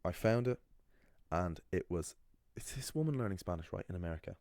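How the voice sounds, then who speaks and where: A man's voice: low-pitched, animated, brisk, a little mellow, dry recording. A young man, a language teacher, talks through an anecdote in a casual, opinionated, rambling way. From Ireland. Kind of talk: casual explanatory video monologue.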